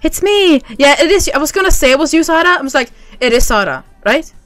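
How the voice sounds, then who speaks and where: Young female game streamer, upbeat and chatty, a bit high-pitched, dry sound. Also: animated, quick pace, dry recording, soft background music. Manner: bubbly, greets chat by name, laughs often. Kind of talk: casual livestream chat.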